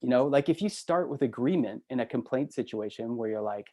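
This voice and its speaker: A man telling a story as a guest in an interview, in a casual, animated way and laughing easily. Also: medium pitch, a little fast. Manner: animated, acts out the people in his stories. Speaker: hotel expert and entrepreneur, guest.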